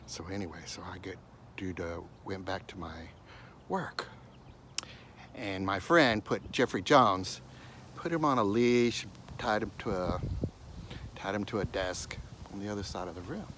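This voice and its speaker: A man telling a story in an animated way, dropping into hushed asides now and then. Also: low voice, unhurried, pauses often, a little hiss or hum. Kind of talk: told story.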